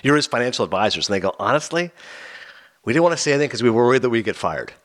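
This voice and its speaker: A man talks quickly on a casual podcast, his pitch swinging widely as he spins one story after another. He keeps slipping into quick impressions of the people he describes. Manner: animated storyteller, acts out quoted people. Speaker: podcast co-host. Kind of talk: casual chat, retelling anecdotes.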